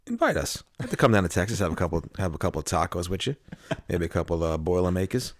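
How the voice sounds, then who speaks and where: A man co-hosting a podcast, trading jokes in deadpan banter. His voice is very deep and gravelly. It is recorded close and dry, with no room sound. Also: fast, no echo. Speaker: podcast co-host. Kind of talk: casual chat.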